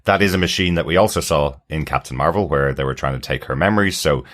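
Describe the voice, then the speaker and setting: This is a man hosting a TV podcast, with an extremely deep voice. He explains at length in a loose, rambling way, padding his sentences with ums and uhs. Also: a bit bright. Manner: explanatory, rambling, fills pauses with "um" and "uh". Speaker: podcast host. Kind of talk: casual chat.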